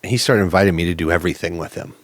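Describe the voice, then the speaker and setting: Deep-voiced man telling his story. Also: racing, dry recording. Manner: earnest, reflective, plainspoken. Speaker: podcast guest. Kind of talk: candid personal storytelling.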